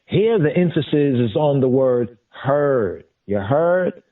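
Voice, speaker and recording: A man teaching scripture in a deliberate way, repeating and glossing each term as he goes. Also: medium pitch, animated. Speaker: Bible teacher. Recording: distant, phone-like lo-fi sound.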